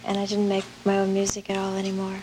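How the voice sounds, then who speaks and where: A woman in a seminar audience, speaking in a halting, hesitant way. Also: mid-range voice, completely flat delivery, background noise. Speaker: audience member.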